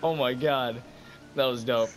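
A man playing a video game with friends, loud and swearing, yelling and laughing in disbelief at the chaos. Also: mid-range voice, fairly even intonation, a little slow, heavy background noise. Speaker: gamer. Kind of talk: chaotic gaming commentary with friends.

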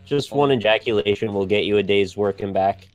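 Deadpan quipping man. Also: on the low side, fairly quick, soft background music. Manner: dry deadpan quips. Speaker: stream regular. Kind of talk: casual chat while playing a party game.

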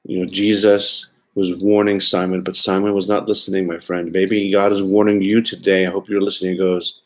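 A man's voice: deep voice, flat delivery, fairly quick, few pauses. A man preaching a sermon lecture, earnest and pleading, often repeating words for emphasis.

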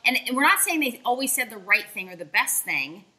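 A woman's voice: fairly high pitch, very animated, a little fast, sharp tone, breathy edge, poor audio. A woman hosting a talk show, speaking in an emphatic, encouraging way to her guest. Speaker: host. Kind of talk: casual interview talk.

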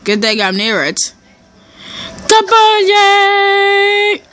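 A woman giving casual let's-play commentary over a game, excitable and shouting and cheering as she plays. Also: very high voice, extremely slow, a little hiss or hum. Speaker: gameplay commentator. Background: game music.

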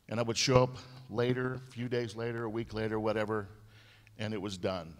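A man's voice: on the low side, little pitch movement. Man telling stories in an echoing church hall. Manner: storytelling, repeats phrases, halting restarts. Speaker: eulogy speaker. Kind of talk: memorial eulogy. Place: church at a memorial service. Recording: long hall reverb.

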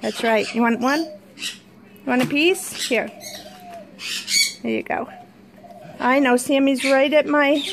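A woman with a high, light voice coos at her pets in a sing-song way while she feeds them. She chats casually to the people watching her vlog between the animal talk. Birds squawk loudly behind her in a noisy home recording. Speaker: vlogger feeding her pets. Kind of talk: casual chat to pets and viewers.

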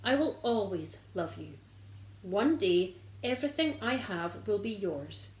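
A woman voicing a loving father in a children's Bible story, calling out gladly in a raised, bright voice. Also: medium pitch, animated, a little slow, echoey room, close to an everyday voice, low-quality recording. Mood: tender. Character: overjoyed loving farmer father, middle-aged man. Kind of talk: storybook reading.

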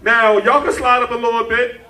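A man working as the MC of a live rap and dance battle, shouting call-and-response chants and sing-song hype lines to a bar crowd. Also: extremely high pitch, flat delivery, normal speed, background noise. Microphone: handheld stage mic through PA. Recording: echoey live room, far from mic, loud music and crowd. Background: DJ music and cheering crowd.

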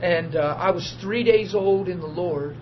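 High voiced preacher guy telling stories to a small group, acts out the voices, muffled old recording. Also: a little slow. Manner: animated, acts out quoted voices, laughs often. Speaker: preacher sharing testimonies. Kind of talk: informal sermon storytelling. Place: small group meeting room. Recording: dull lo-fi archive recording with faint hiss.

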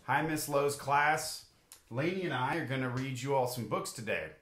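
A man reading a children's storybook aloud to a class, animated and playful, acting out the animals' sounds. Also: mid-range voice, moderate pace. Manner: animated, voices the animals with big roars and quacks. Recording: echoey room.

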